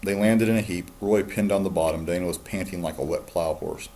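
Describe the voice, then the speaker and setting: A man, a teacher, calmly reading a novel aloud to his students. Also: low-pitched, brisk, a little hiss or hum. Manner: calm, steady storytelling.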